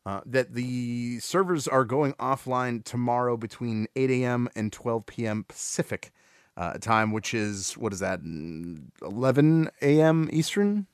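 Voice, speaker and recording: A man hosting a casual gaming podcast, talking in a relaxed way with lots of fillers and restarts. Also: mid-range voice, unhurried, smooth, no room sound, clean studio sound. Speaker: podcast host.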